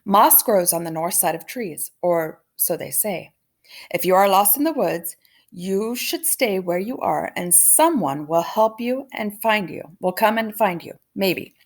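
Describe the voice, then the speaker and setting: A woman reading a children's novel aloud in a gentle, measured storytelling manner. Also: mid-range voice, lively intonation.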